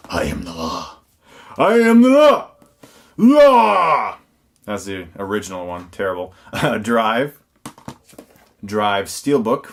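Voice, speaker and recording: Wry man with a lively, unhurried delivery. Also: lowish voice, slight background noise. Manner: wry, sarcastic asides. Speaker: film reviewer showing his collection. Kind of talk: casual on-camera listing with quips.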